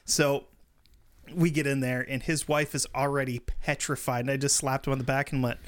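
A man in casual chat, a haunted house worker, telling a story in a relaxed way and swearing casually. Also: mid-range voice, moderate pace. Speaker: haunted house scare actor.

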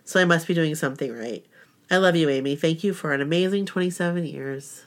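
A woman's voice: sits low, a little fast. A middle-aged woman, a podcast co-host, reading a sincere personal story about her best friend. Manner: sincere, heartfelt.

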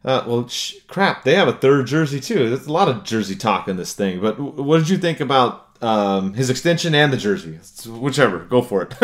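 A man's voice: mid-range voice, lively intonation, normal speed, hardly any pauses. Ranting man on a hockey podcast. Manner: blunt, ranting, laughs often. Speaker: podcast co-host. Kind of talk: casual sports chat.

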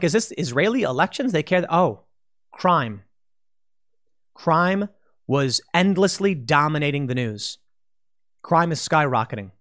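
Man, political commentary monologue, lively swinging pitch, somewhat high voice, emphatic, rambling asides. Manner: emphatic, sweeping declarations; rambling with restarts and quoted asides.

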